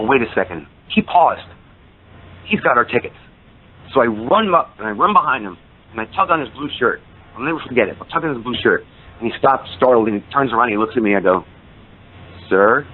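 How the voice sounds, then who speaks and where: A man in his fifties, a podcast guest, telling a story casually and acting out the people he quotes with shifts in his voice. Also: lowish voice. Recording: tinny phone-line sound.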